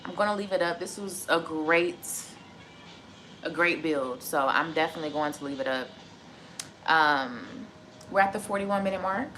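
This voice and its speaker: A woman's voice: low-pitched, moderate pace, a bit bright, a little hiss or hum. A woman in her twenties, a tarot reader chatting live to her viewers in a casual, profane, heated rant. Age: 20s. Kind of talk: casual livestream chat.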